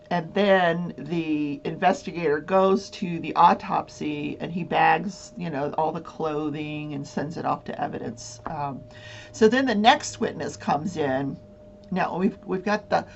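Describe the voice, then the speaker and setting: A woman hosts a casual chat show, rambling through a story with plenty of ums and frequent laughter. Her voice sits somewhat low. The recording is dull and lo-fi, with a faint hum underneath. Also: gravelly. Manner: rambling storyteller who laughs often, many fillers. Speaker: host.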